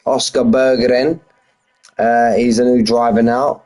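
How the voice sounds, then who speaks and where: Slow-talking streamer. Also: male voice, mid-range voice, level tone, darkish tone. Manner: chatty, greets viewers by name, reads standings aloud. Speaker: sim racing league streamer. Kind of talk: casual live-stream chat.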